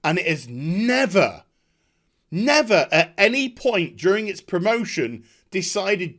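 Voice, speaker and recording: A man delivering a heated vlog rant, scornful and quick to swear. His voice sits high and swings widely in pitch. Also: very animated, fairly bright tone. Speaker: online commentator.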